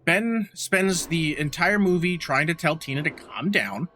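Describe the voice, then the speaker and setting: A man co-hosting a casual podcast, recapping a horror movie in a profane, animated way. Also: on the high side, unhurried, soft background music. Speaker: podcast co-host.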